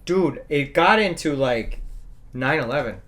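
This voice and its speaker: A man talking casually as an astrologer guest on a podcast. He is jokey and animated, swinging from loud bursts to hushed asides. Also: fairly high pitch, unhurried.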